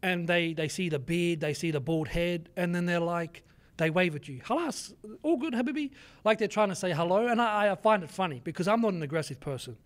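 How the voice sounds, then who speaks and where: A young man, telling animated stories as an interview guest and mixing in Arabic words. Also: high voice, fairly quick. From Australia. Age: 20s. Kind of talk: casual interview chat.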